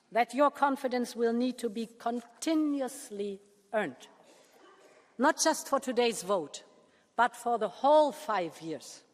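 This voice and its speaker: A woman leader giving a formal prepared speech to a parliament. She speaks in a measured way and slows down with pauses to stress key words. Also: on the high side. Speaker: political leader addressing a parliament. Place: large parliament chamber. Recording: long reverb of a large chamber.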